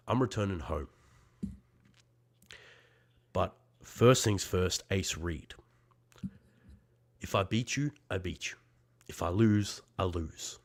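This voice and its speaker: A man talking as a wrestler guest in fiery promo style, profane and intense, swinging between shouting and quiet, heartfelt passages. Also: lowish voice.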